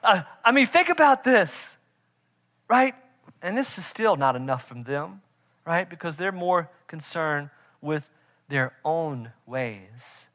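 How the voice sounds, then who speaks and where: High bright pastor guy preaching hard, shouts then goes quiet, keeps saying right?. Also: very animated, slow pace. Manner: emphatic, repeats "right?" to the congregation; swings from loud shouting to quiet intensity. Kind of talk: sermon.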